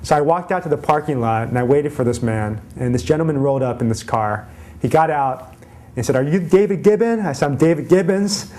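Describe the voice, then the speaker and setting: A man's voice: mid-range voice, brisk, a little mellow. A man, a pastor, telling a personal story in a conversational, encouraging church message.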